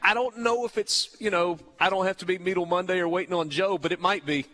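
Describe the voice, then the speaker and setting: A man's voice: high voice, fairly even intonation, fast talker, pushed and bright. A man hosting a radio talk show, bantering playfully with a guest and making a fundraising appeal from the studio. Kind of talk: casual on-air chat and fundraising appeal.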